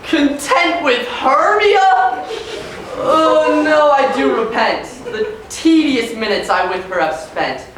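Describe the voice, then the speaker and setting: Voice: mid-range voice, big pitch swings, unhurried, hardly any pauses. An actor playing a passionate young nobleman in love on stage, with declaiming delivery. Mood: ardent. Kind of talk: live stage acting. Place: theater stage. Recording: echoey theater from far off, background noise.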